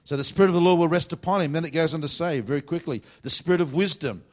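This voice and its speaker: Fervent revivalist preacher man. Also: fast. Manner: swings between loud fervent bursts and low confiding asides. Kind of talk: sermon. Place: church meeting.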